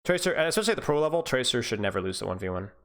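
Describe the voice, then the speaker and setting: A man of Scottish heritage coaches and streams, casually analyzing an esports match live. He's chatty, restarts often, makes asides to viewers, and thanks subscribers, his mid-range voice sing-song, racing, and fairly bright.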